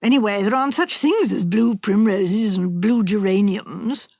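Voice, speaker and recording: A woman reader voicing a weary middle-aged husband, lowering and softening her voice to a dry, subdued tone. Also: moderate pace, no echo, natural voice. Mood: uneasy.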